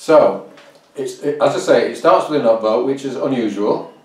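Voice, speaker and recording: A man's voice: mid-range voice, normal speed, a little mellow, distant mic. Man, fiddle teacher, explains bowing, counts beats aloud, roomy echo, mic set back, fiddle music behind. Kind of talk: instructional explanation.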